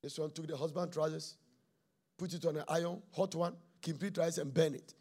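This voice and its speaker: A man preaches on marriage with a high, raspy voice. He tells stories dramatically, acting out both sides of a quarrel, and swings from near-whispers to shouting. His tone has a husky, gravelly edge. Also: fairly even intonation, fairly quick. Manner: dramatic storytelling, swings from hushed to shouting, acts out dialogue. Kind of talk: sermon on marriage.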